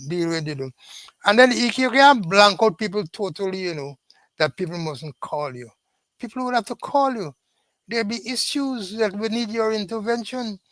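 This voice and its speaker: A man co-hosting a political commentary chat, measured and hesitant, filling with "you know". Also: high voice, fairly bright tone, no room sound, rough recording.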